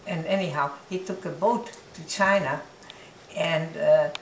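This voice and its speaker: An older woman telling her life story in an interview, reflective and unhurried, often laughing softly as she talks. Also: low voice, slight background noise, poor audio. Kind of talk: oral history recollection.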